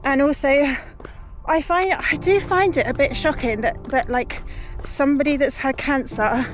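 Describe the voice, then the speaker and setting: A woman's voice: sits high, a little slow, soft background music. A woman filming herself on a humid outdoor run, rambling and upset as she talks to the camera. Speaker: running vlogger. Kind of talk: self-filmed vlog on a run.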